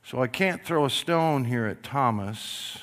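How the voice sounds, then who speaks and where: A middle-aged man preaching a sermon, telling the story with animated delivery that swings from loud to hushed and acting out voices. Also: medium pitch, unhurried. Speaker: pastor.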